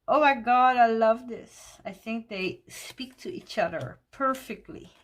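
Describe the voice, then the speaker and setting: A woman walking through a tarot deck in casual talk, gushing and excited, laughing often. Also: a little high, a little slow.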